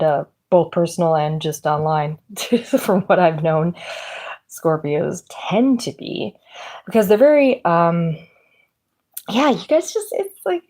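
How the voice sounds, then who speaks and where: A woman's voice: lowish voice, dark tone, poor audio. A woman with a Midwestern accent giving a casual, rambling tarot reading, chatty, laughing often and using lots of fillers. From Pennsylvania. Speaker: tarot reader.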